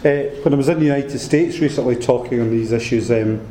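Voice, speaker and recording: A Scottish man giving a public lecture as a guest speaker, talking in a chatty, joking, lively way. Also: medium pitch, a little fast, a little hiss or hum. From Scotland. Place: lecture room. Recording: roomy hall with faint ambience.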